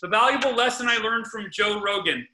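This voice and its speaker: A man hosting a podcast, giving casual parenting advice in an energetic, emphatic way, often repeating himself and restarting sentences. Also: high-pitched, a little fast. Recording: echoey room.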